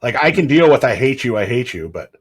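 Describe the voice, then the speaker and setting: A man's voice: mid-range voice, very animated, a little fast, husky. A man in his thirties, a podcast host, chatting casually and telling candid, rambling stories with frequent restarts. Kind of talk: casual chat.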